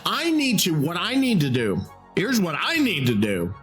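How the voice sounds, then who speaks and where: Ranting, high-voiced male podcast host. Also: huge pitch swings, normal speed, fairly bright tone, faint music behind. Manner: exasperated, profane, ranting. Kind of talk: solo podcast rant.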